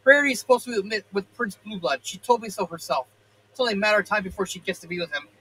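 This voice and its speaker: A man's voice: high voice, very fast, sharp tone, slightly rough, full character voice, low-quality recording. A man reading a young pony filly who is upset and insistent, in a storybook fan fiction reading. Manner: tearful, insistent and pleading.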